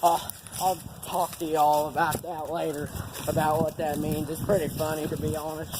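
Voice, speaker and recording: A man's voice: fairly high pitch, little pitch movement, moderate pace. Profane young man rambling. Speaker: cameraman. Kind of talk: casual rambling storytelling. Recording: noisy outdoor camera audio.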